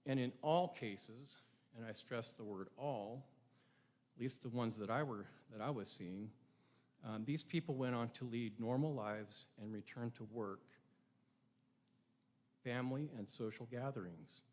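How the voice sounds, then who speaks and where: A man's voice: medium pitch, a little slow, pauses often, a little mellow. A middle-aged man giving a prepared ceremony speech, earnest and reflective, with rhetorical questions to his audience. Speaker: ceremony speaker.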